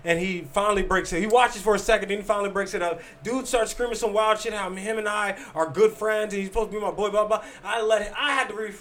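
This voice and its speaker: A man co-hosting a podcast, telling a story in casual, animated chat, swearing freely and acting out quotes. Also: sits high, quick pace, hardly any pauses. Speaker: podcast co-host.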